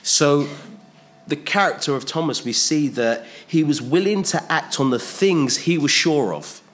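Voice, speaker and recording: A man's voice: on the high side, animated, unhurried. Emphatic male preacher, repeating himself. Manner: emphatic, repeats phrases, asks the listeners rhetorical questions. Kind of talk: sermon.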